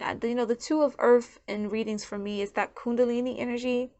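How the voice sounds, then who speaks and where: A woman's voice: a little high, fairly even intonation, fairly quick, hardly any pauses, darkish tone. A woman giving a channeled tarot reading in a loose, conversational way, often repeating words as she searches for her thoughts. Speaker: tarot reader.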